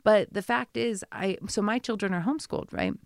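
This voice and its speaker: A woman's voice: mid-range voice, brisk, gravelly, no echo, clean studio sound. A woman in her thirties in a casual conversation, talking chattily with many asides and telling stories about her children. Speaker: guest.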